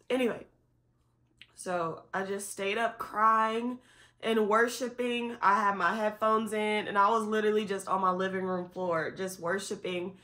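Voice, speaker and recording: Young adult woman, bright voice, candid vlog, teary and tired, talks straight to viewers. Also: fairly high pitch, unhurried. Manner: candid and expressive, addresses viewers directly as y'all. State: tearful and tired. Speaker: vlogger. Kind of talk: emotional personal vlog talk.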